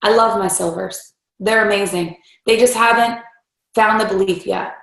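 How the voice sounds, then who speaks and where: A woman's voice: mid-range voice, moderate pace, vocal fry. A woman leading a team training, giving a motivational talk and acting out quoted voices along the way. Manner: animated, acts out voices in quotes. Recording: roomy echo.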